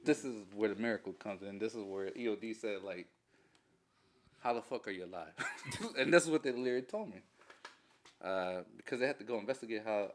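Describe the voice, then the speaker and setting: A man with a lowish voice tells a war story as a veteran guest in a casual interview. He swears a lot and talks in an animated way, often laughing through his telling.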